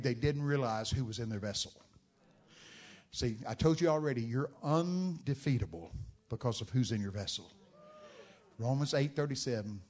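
Dramatic preacher man, booming bursts. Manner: dramatic storytelling, bursts into loud shouted quotes. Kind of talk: sermon.

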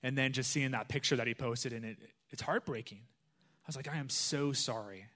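A man giving a conversational sermon, telling a personal story in a casual, chatty way with frequent pauses and restarts. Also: mid-range voice, steady tone, bright, forceful tone. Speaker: pastor.

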